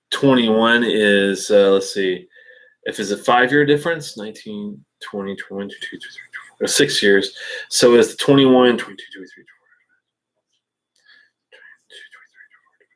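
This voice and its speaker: Low-voiced man musing on a live stream. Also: a bit bright. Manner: halting, thinking aloud with many fillers and restarts. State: hiccups. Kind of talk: casual live-stream chat. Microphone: webcam.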